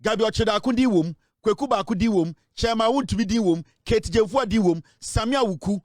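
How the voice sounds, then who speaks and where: Forceful high-voiced Ghanaian man. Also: brisk, dry recording, clean studio sound. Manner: forceful and scolding, switching between English and Twi. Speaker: political commentator. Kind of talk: impassioned political commentary.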